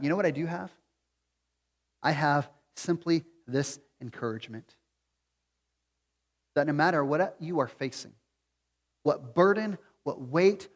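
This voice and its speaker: A man with a notably high voice preaches a sermon to his church. His delivery swings between hushed, reflective stretches and loud, pleading appeals. The sound rings with the long reverb of a large hall. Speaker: pastor. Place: church sanctuary.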